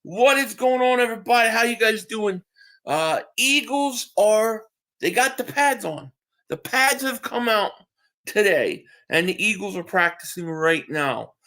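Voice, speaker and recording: A man with a high, sharp voice and lively intonation hosts a live stream at an unhurried pace. Still tired from just waking up, he chats casually, reading viewers' comments aloud and answering them, often restarting his sentences.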